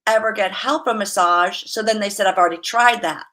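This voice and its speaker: A massage therapist joins a casual interview as a guest, speaking a little fast at a medium pitch. She's a lively storyteller who laughs often and acts out the voices of people she quotes.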